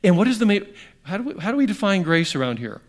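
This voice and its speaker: Man, middle-aged, pastor, sermon, higher voice, conversational, asks questions, emphatic then hushed. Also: sing-song. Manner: swings between emphatic bursts and quiet, slowed passages.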